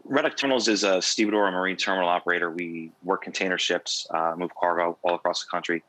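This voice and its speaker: A young American man, an award honoree, answering interview questions in a measured, businesslike way. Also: deep voice, fairly even intonation, pushed and bright, no echo, rough recording. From United States. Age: young adult. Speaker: award honoree, port operations manager.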